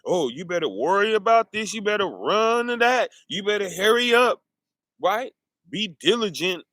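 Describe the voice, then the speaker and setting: A man's voice: high voice, expressive, normal speed, a bit bright, dry recording. A man, preaching informally and firing off rhetorical questions to his listeners.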